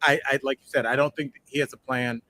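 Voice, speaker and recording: A man's voice: medium pitch, fairly even intonation, fast, pushed and bright. A man co-hosting a comedic news podcast, rambling and joking, often mimicking tough-talking guys. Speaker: podcast co-host. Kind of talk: casual comedic news chat.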